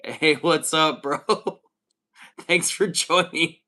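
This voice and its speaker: A man's voice: a little high, slow, bright, forceful tone. An American man hosting a casual livestream, reading chat messages aloud in an upbeat way. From United States. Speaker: livestream host.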